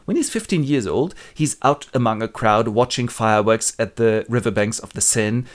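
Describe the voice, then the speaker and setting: A man's voice: mid-range voice, normal speed. A man narrating a comic book summary in a wry, playful, joking way. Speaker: literature video host.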